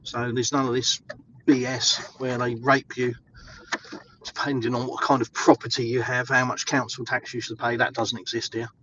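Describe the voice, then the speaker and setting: English bloke rambling on while walking outside in the snow, lots of ums, a bit muffled, faint wind behind. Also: male voice, medium pitch, little pitch movement, normal speed, bright, forceful tone. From England. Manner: chatty, rambling, with many fillers. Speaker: vlogger. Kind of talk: casual walking vlog. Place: outdoors in the snow.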